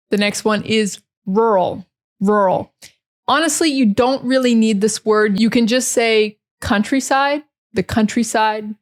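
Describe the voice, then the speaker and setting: A young woman with an American accent teaches English pronunciation in a mid-pitched voice. She drills each word slowly and clearly, repeating model words again and again so learners can copy her. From United States.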